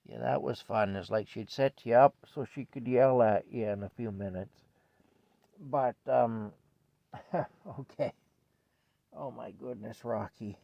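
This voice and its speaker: Older canadian guy rambling a story at home, gravelly voice, dull dry lo-fi sound. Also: medium pitch, a little slow, no room sound. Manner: rambling, chuckling, self-interrupting. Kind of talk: casual storytelling vlog. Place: indoors at home with a cat.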